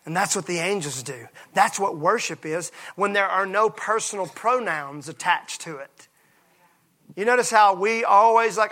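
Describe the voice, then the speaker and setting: A pastor preaching a passionate sermon, moving from hushed lines to shouts. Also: male voice, high-pitched.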